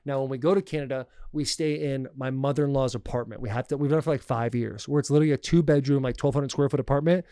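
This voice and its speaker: A man hosting a podcast, telling a family travel story in a loose, animated way and often calling people "dude". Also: medium pitch, fast, few pauses, clean tone, dry recording, studio quality. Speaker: podcast host. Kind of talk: casual storytelling chat.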